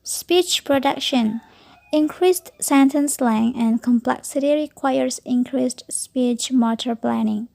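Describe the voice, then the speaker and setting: Slow, gravelly-voiced woman reading a lecture. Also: sits high, darkish tone. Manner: slow, careful reading with occasional self-corrections. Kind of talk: reading a textbook aloud as a lecture.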